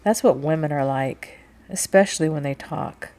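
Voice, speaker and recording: A woman's voice: sits low, normal speed, darkish tone. A woman voicing a blunt, guarded sea captain. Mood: reflective.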